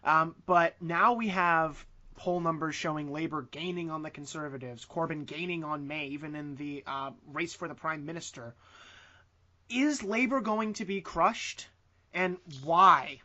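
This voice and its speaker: A man co-hosts a casual podcast, setting up questions and nudging the talk along. His voice is bright and sharp, pitched a little high. The audio sounds slightly muffled. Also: unhurried. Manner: prompting, brief interjections and framing questions. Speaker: podcast co-host asking questions.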